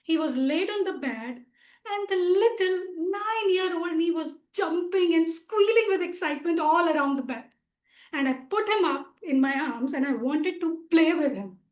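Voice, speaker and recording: Indian woman in her twenties, humorous speech, playful storytelling, high voice, roomy video call echo. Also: animated, normal speed, a little mellow. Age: 20s. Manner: playful storytelling with dramatic emphasis. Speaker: speech contestant.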